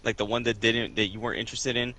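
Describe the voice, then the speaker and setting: A man's voice: on the low side, little pitch movement, quick pace, background noise. A young man co-hosting a podcast in casual chat, telling crude, profane stories. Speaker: podcast co-host.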